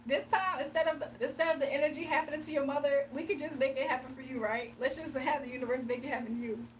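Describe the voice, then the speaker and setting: Young woman, livestream host, high voice, teasing and giggly, slightly off-mic. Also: steady tone, quick pace, far from the mic, a little hiss or hum. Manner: playful, teasing, laughs often, mimics commenters in a deep voice. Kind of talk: casual livestream chat, reading comments.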